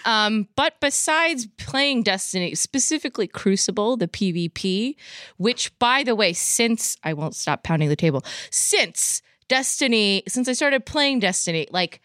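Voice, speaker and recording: A woman podcast host in casual chat, rambling and animated, with lots of "like". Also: a little high, a little slow, no room sound, studio quality.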